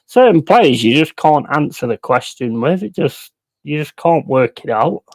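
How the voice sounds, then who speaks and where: This streamer hosts a football watch-along, chatting casually on a live stream in a medium-pitched voice at a moderate pace. He rants and swears, swinging between loud outbursts and mumbled asides, and there's no room sound.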